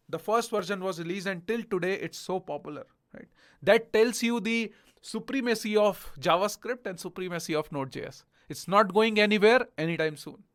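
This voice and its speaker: High-voiced young man teaching coding. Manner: repetitive, reassuring, checks in often with "okay?". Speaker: programming instructor. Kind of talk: video coding lesson.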